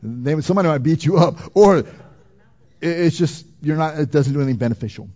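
A man preaches a sermon in a somewhat raised voice that climbs loud and emphatic, then drops low and quiet. The recording sounds dull and lo-fi. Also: fairly quick. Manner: swings between loud emphatic preaching and quiet intimate passages. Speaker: pastor.

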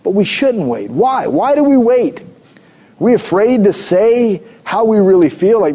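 A man's voice: high-pitched, big pitch swings, unhurried, dark tone, husky, dull audio. A middle-aged man preaching a sermon, mixing conversational storytelling with emphatic exhortations. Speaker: pastor.

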